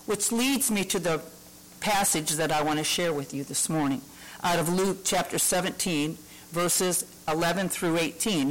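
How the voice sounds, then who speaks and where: A woman's voice: fairly low pitch, rough recording. Woman preaching in a storytelling way. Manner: storytelling, conversational, with hesitant fillers. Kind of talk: sermon.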